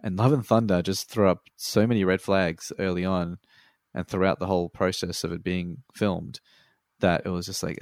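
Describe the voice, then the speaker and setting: A relaxed Australian man chats about films in a very deep voice with a gravelly rasp. He swears freely and laughs easily, and the recording is dry and close. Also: normal speed, dry recording. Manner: laid-back, swears freely, laughs often. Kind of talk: casual chat.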